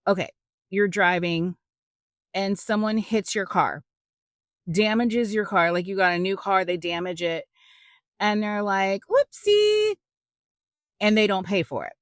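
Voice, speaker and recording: A woman hosting a podcast, teaching a Bible story in a chatty, animated way with joking asides to her listeners. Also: mid-range voice, measured pace, no room sound, clean studio sound. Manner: chatty and animated, acts out quotes with big voice swings. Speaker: podcast host.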